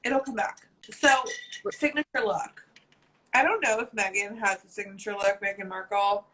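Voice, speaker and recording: A woman hosting a casual live chat with a bright, forceful voice. She gushes, teases and swears freely, with a playful edge. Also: mid-range voice, fairly even intonation, moderate pace, rough recording. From New Jersey. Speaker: host.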